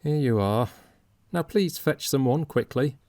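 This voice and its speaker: A man's voice: medium pitch, expressive, a little slow, mellow, no echo, pitched above the performer's own voice. A man putting on a flustered prim lady. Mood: shaken. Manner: prim, fussy and shaken. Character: flustered, indignant middle-aged English lady.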